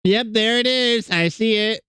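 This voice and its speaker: A man's voice: high voice, a little slow, smooth, no room sound, studio quality. Chatty self-deprecating male streamer. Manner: rambling, self-deprecating, animated reading of chat. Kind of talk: casual chat with viewers.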